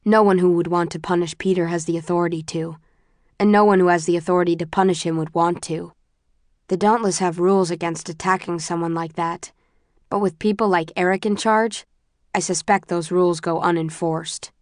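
Lower-voiced woman narrating a novel. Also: fairly even intonation, brisk, darkish tone, no echo, clean studio sound. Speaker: audiobook narrator. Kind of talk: first-person novel narration.

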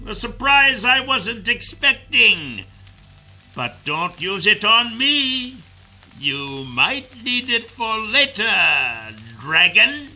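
A man voicing a cold, sneering male villain in an audiobook, drawing out his taunts slowly. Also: sits high, pushed and bright, pitched above the performer's own voice, exaggerated voice. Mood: taunting. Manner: slow, drawn-out, taunting delivery. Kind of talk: audiobook character voice.

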